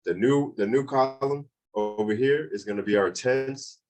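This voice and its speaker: A man's voice: medium pitch, moderate pace, darkish tone, rough recording. A man teaching a beginners' language class online, explaining grammar in a casual way, often repeating points and checking in with "okay?".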